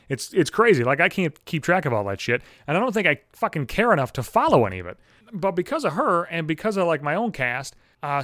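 A young podcast host with a fairly high-pitched voice goes on a crude, exasperated comedic rant, swearing constantly. The audio is studio quality with no echo.

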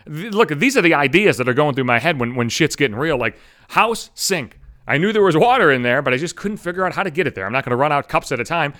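Brief: male solo podcast host, cussing storyteller, voice sits a bit high. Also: lively intonation, fast talker, fairly bright tone. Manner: profane, rambling, self-mocking.

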